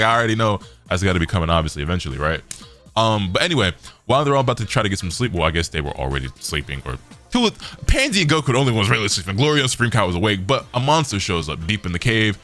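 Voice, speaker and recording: Slangy low-voiced young man reviewing. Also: fairly bright tone. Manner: loose, slangy, rambling. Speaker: anime reviewer. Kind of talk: casual recap chat.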